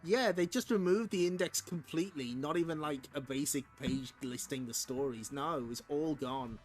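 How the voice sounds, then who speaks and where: A man hosting a stream who reads a comic aloud and jokes about it, excitable and laughing often. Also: on the high side, moderate pace, faint music behind. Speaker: stream host. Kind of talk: comic read-along commentary.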